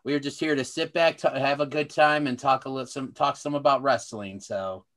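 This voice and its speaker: A man's voice: mid-range voice, steady tone, brisk, a bit bright. A man hosting a wrestling podcast, introducing his guest in a friendly, rambling way with fillers and restarts. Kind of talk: casual interview hosting.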